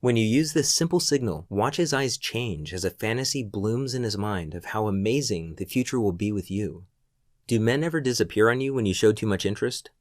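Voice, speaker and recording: A man reading a scripted sales pitch voice-over in a smooth, persuasive delivery. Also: no echo, studio quality.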